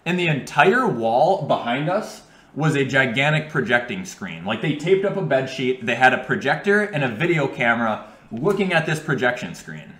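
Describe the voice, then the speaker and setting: A young man vlogging while he plays a game, telling an animated, profane story. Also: medium pitch, moderate pace. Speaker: gaming vlogger. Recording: echoey room.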